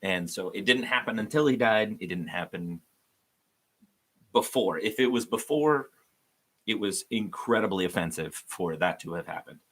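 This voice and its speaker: A man's voice: fairly low pitch, lively intonation, moderate pace, a bit bright. A man hosting a casual livestream devotional, rambling and joking at his own expense, with plenty of ums and likes. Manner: rambling, joking, self-deprecating, many fillers. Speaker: youth devotional host.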